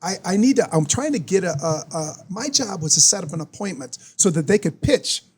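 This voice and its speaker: A former pro football player on a podcast, telling stories in a casual, animated way and acting out the voices of the people in them. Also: male voice, sits high, a little fast, husky. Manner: animated, acts out voices in anecdotes. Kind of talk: casual storytelling.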